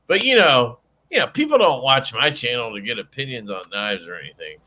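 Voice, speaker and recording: Man, casual host, crude jokes, very lively pitch, bright tense voice, faint hiss. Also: brisk. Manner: crude, animated joking. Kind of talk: casual chat.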